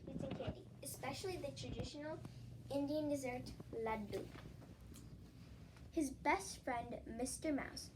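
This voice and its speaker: A woman reading a children's storybook aloud in a soft, gentle, sing-song way. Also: high voice, a little slow, background noise. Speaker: story reader.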